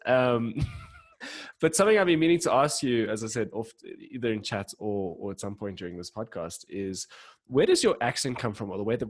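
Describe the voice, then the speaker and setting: A man with a fairly low voice hosts a relaxed podcast interview. He hedges and restarts often, filling gaps with ums as he works his way around to his questions. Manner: hesitant, filler-heavy, friendly. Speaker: podcast host.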